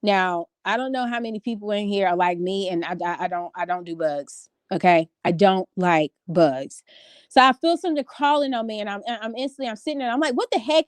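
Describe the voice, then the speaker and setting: Woman vlogger in her 30s, higher voice, dry close sound, chatty storyteller. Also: no echo. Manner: animated storytelling with many fillers. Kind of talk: casual chat to a live audience. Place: home bedroom.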